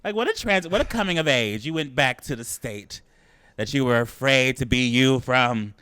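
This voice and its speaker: A young man co-hosting a podcast, teasing and dramatic, quick to laugh. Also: mid-range voice, expressive, bright, forceful tone, clean tone, no echo. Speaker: podcast co-host. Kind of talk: casual chat.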